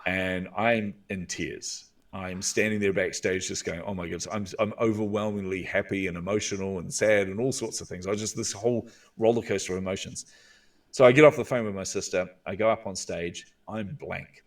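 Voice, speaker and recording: A man with a New Zealand accent, a guest coach telling stories in an interview and acting out inner voices with drawn-out pauses. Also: low-pitched, recorded from a distance. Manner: animated, acts out inner voices with drawn-out "hmm". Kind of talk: storytelling interview talk.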